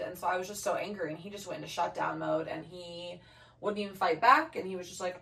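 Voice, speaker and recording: A young woman co-hosting a casual podcast, talking emphatically and animatedly, with many fillers, and swinging between quiet and loud. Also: fairly low pitch, fairly even intonation, quick pace, vocal fry. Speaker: podcast co-host. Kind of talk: casual personal chat. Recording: roomy echo, from far off the mic.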